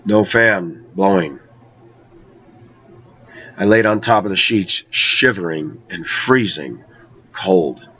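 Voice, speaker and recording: A man telling a personal travel story in a conversational way, slowing down to draw out key words. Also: low voice, pushed and bright, slightly rough. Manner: conversational, with slow, drawn-out emphasis. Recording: dull lo-fi recording.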